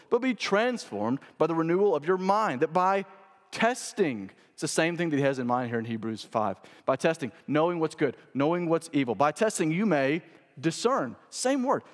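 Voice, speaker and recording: A male pastor preaches a sermon in a church hall with a long reverb. His voice sits a bit high for a man. He drives his points home by repeating key phrases and swings from loud to hushed. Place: church sanctuary.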